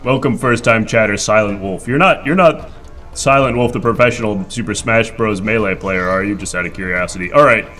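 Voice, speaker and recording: A man's voice: lowish voice, a little fast, bright, forceful tone. A man playing a hammy, man-eating mountain creature who hosts a live improv comedy stream, talking playfully and theatrically. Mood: chatty. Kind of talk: improv comedy role-play.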